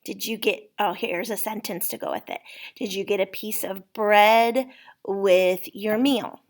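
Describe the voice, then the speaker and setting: A woman's voice: medium pitch, steady tone, measured pace. A woman teaching a spelling lesson, patiently sounding out words letter by letter for a child.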